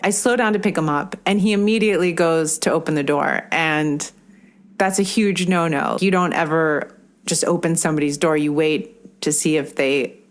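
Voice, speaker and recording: A woman telling a personal road-trip story in a measured, earnest way. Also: deep voice, steady tone.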